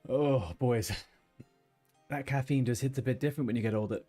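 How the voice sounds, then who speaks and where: A man's voice: medium pitch, brisk, dark tone, soft background music. A man streaming a game, chatting casually and rambling between tasks, swearing now and then. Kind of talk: casual gaming chat.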